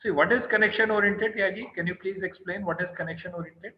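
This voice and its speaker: A stern Indian man with a high-pitched, fast voice lectures an online class, calling on students by name, repeatedly asking "right?", and scolding them about tone. His Indian English comes through roomy, dull call audio.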